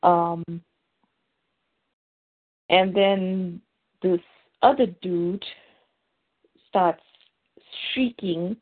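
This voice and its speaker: A woman with a lowish voice draws out her words and pauses often while casually recapping a TV episode on her podcast. She rambles with many fillers and restarts, and the audio sounds tinny, like a phone call.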